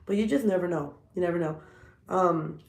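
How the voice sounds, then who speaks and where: A woman in her thirties, a vlogger telling stories in a blunt, profane, animated casual chat. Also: on the low side, normal speed, gravelly, roomy sound.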